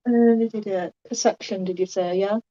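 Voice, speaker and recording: A woman's voice: mid-range voice, steady tone, fairly quick, warm tone, muffled recording. A woman player in a tabletop game, talking hesitantly and unsure of herself. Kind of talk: casual chat.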